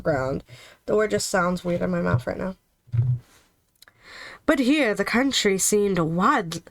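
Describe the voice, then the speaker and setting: A woman's voice: medium pitch, fairly bright tone, no echo, poor audio. A woman reading a children's novel aloud for her channel, chatty with little asides between passages. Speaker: storyteller, channel host.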